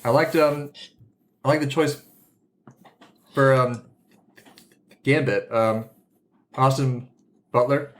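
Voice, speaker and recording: A man's voice: mid-range voice, fairly even intonation, slow pace, pauses often. A man co-hosting a podcast in casual chat, hesitant and fumbling for names with lots of fillers. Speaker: podcast co-host.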